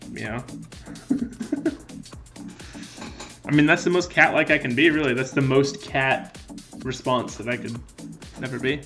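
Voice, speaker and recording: Bright-voiced goofy man gaming. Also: medium pitch, brisk, faint music behind. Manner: playful, goofy, mock-cat meowing. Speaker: gaming video creator. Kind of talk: joking let's-play commentary.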